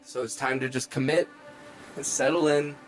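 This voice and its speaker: A man's voice: medium pitch, fairly even intonation, moderate pace. A man hosting a casual late-night music livestream, rambling and joking as he reads the chat aloud, with music playing behind him. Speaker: livestream host and music producer. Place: home studio. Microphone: studio microphone.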